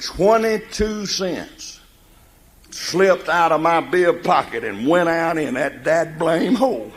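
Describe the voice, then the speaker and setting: A man's voice: high-pitched, long reverb tail. An older man with a Mississippi Southern accent telling comic country stories in a folksy drawl, acting out the people in them. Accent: Southern American, Mississippi. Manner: folksy drawl, acts out characters in the tales. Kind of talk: stand-up storytelling.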